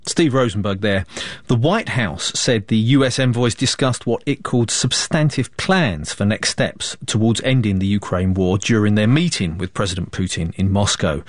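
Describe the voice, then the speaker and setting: A man presenting the news in a measured, formal read, introducing reports and interviews. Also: on the low side, dry recording, studio quality.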